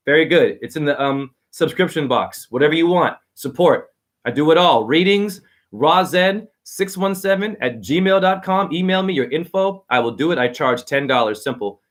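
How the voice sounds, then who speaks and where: A man's voice: on the high side, expressive, normal speed. A man giving a rambling, profane, preachy livestream monologue while reading out viewer comments.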